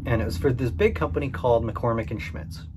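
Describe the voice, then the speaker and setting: A man who runs a cleaning business tells the camera a candid story about his past work, chatting casually with lots of fillers. He talks fast in a mid-range voice, with background noise behind him.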